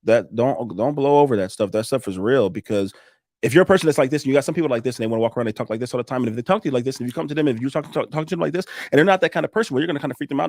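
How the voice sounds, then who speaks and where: A man talking casually on a podcast, coaching listeners on sales and connecting with customers in an animated way that swings between loud and quiet. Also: mid-range voice, very fast, no echo. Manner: animated, coaching, laughs often.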